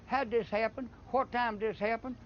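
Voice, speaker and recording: In a slightly muffled recording with faint background noise, an older man with an Appalachian accent from Eastern Kentucky tells casual, long rambling stories as an interviewee. His voice is very high-pitched, with a steady tone and moderate pace, and he often restarts his words.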